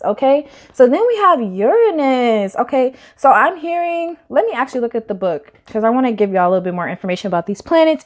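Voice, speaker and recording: Woman tarot reader, slightly high voice, chatty and emphatic, casual swearing, speaks straight to camera.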